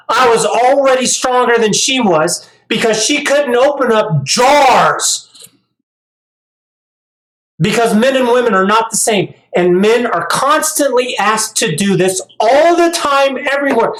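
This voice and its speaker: In an echoey room, a middle-aged vlogger with a very high-pitched, slightly bright voice talks a little slowly but with animation. His casual, lengthy monologue wanders, he trips over repeated words on restarts, and he builds into an emphatic rant.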